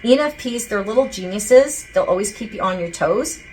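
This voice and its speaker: A woman's voice: medium pitch, expressive, moderate pace, darkish tone, faint music behind, poor audio. A woman speaking as a psychic medium, rambling casually and relaying quotes with many fillers and restarts. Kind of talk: casual channeling monologue.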